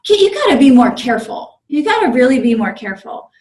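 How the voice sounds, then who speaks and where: A bossy young train conductor barks out his complaints in a raised, higher voice, as a woman puts him on. The sound carries a roomy echo. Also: very animated, fast, distant mic, slight background noise. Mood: scolding. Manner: scolding, loud and exasperated.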